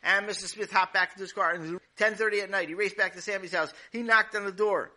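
Male storyteller, lively and dramatic, very bright slightly high voice. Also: fast. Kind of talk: lively children's story narration.

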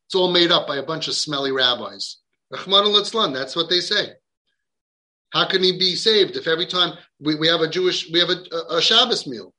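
High, sharp-voiced emphatic man. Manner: emphatic, repeats words for stress. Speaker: parenting coach. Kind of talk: impassioned podcast talk.

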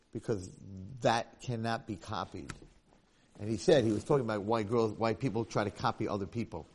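A man's voice: lowish voice, darkish tone, breathy edge. A man teaching a religious lecture, telling a moral story and repeating key points for emphasis. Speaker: Torah teacher.

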